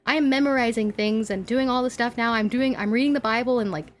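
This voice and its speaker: A young woman streaming and chatting casually, animated and ranting, laughing often and filling with likes and ums. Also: on the high side, fast, faint music behind. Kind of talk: casual live-stream chat while drawing.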